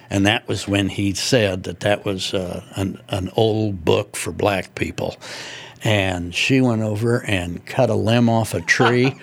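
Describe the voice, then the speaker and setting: An older man from Indianapolis talks through his memories in a rambling, folksy way, full of ums and restarts. His voice sits low, with a gravelly rasp. He is a guest author answering an interviewer. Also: steady tone, a little slow. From Indianapolis, USA. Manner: rambling, folksy anecdotes with fillers. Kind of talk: conversational storytelling.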